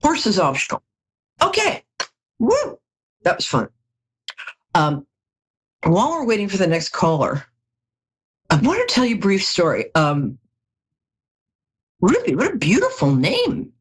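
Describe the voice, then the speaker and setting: A woman's voice: medium pitch, huge pitch swings, measured pace, pauses often, a little hiss or hum. A middle-aged woman reading tarot cards on a live call-in show, chatty and jokey, with storytelling asides. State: tired from lack of sleep. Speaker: psychic tarot reader.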